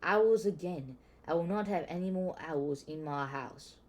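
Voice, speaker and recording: A man voicing a blustering, bad-tempered middle-aged man with a gruff, barking delivery. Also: a little high, moderate pace, mellow, lightly acted. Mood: angry.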